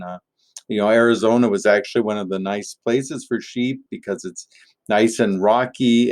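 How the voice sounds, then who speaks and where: A pastor gives a family message in a gentle, playful storytelling manner, pausing often between thoughts. His voice sits on the low side for a man, and he speaks at a very unhurried pace. The tone is easygoing and homely. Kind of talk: children's object-lesson sermon.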